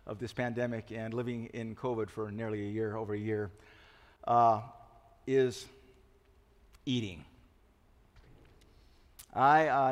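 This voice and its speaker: A man in his sixties preaching a sermon, telling confessional stories with self-mocking humor. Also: mid-range voice. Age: 60s. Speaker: pastor. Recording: long reverb of a large hall.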